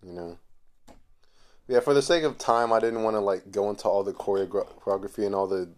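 A man's voice: fairly low pitch, moderate pace. A man hosting a casual podcast chat, incredulous and teasing, often laughing. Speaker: podcast host.

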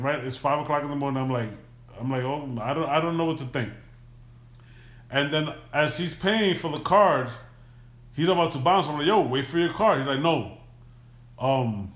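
A man's voice: on the high side, normal speed. Profane storytelling man, echoey room. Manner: loose, profane, animated retelling. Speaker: podcast host. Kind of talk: casual storytelling.

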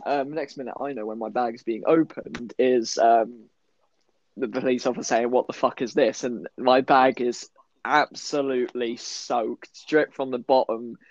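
A man's voice: mid-range voice, steady tone, measured pace. A young man co-hosting a podcast, chatting and chuckling through a shared story with some swearing. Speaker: podcast co-host. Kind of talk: casual storytelling chat. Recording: dull lo-fi dry sound.

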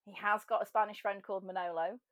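A woman chatting as a podcast guest, self-mocking and quick to laugh. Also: mid-range voice, fairly even intonation, fairly bright tone, no room sound, studio quality. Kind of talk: casual chat.

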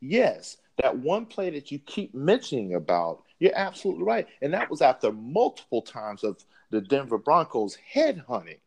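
A man's voice: medium pitch, wildly swooping pitch, normal speed, few pauses, darkish tone. A man co-hosting a sports podcast, arguing a point with emphatic, repeated words. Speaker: podcast co-host. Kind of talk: sports debate.

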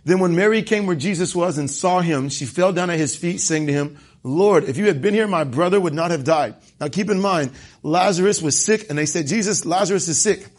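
A man's voice: high voice, fairly quick. A man preaching a sermon in a conversational way, acting out the dialogue of the scripture passages he reads.

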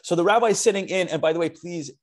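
A man telling a personal story on a video call in a lively storytelling manner, with frequent restarts and Yiddish words. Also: high voice, quick pace. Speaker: speaker at an online charity talk. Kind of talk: storytelling talk.

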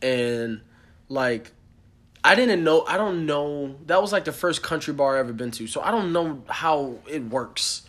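A young man casually telling a story on a podcast, animated and profane, acting out the people he quotes. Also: on the high side, a little slow. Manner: animated, swears a lot, acts out quotes. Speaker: podcast co-host.

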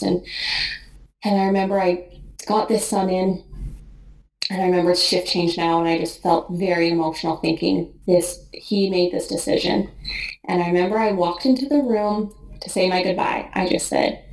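A woman in her thirties, a nurse, recounts a personal experience in a reflective, emotional way. She talks haltingly, restarting her sentences and voicing her own past thoughts. She sounds a little far from the mic in a roomy, echoey space. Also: lowish voice, fairly even intonation. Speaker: nurse guest. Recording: roomy, slightly distant mic.

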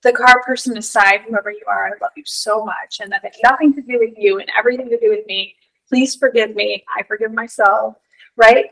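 Woman, co-host, higher pitch, animated, playful, lots of "like". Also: fairly quick, gravelly, poor audio. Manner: animated, playful, says "like" a lot. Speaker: podcast co-host. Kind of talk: casual spiritual chat.

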